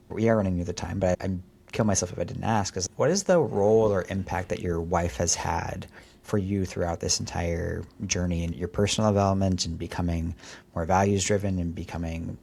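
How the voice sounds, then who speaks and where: A man's voice: low-pitched, creaky, darkish tone. A man hosting an interview, affirming his guest and asking long questions. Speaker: interview host.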